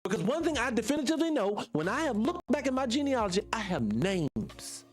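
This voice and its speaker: A man's voice: very high-pitched, lively intonation, brisk, faint music behind. A man hosting a casual commentary monologue, talking emphatically and firing rhetorical questions straight at his viewers. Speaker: channel host.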